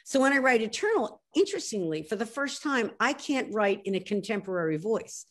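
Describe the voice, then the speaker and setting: A woman in her sixties from Philadelphia with a Philly accent, talking as an author guest in a video call interview, animated and emphatic, often restarting her sentences. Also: a little high, a little fast.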